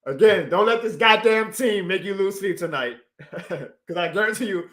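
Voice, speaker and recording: A man's voice: sits high, lively intonation, moderate pace, fairly bright tone, roomy sound. A man chatting casually on a live stream, heartfelt and rambling, laughing often and answering chat. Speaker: YouTube sports streamer.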